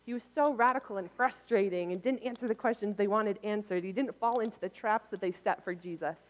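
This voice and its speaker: Woman preacher, casual delivery, mid pitch, long hall reverb. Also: fairly quick. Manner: conversational, animated when quoting others. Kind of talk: casual sermon.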